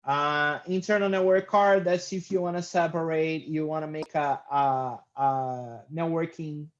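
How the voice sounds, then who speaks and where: Man, IT instructor, hesitant with lots of fillers, slightly high voice, dull lo-fi mic. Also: steady tone, a little slow. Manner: loose, hesitant, many "uh" fillers. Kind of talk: screen-recorded software tutorial.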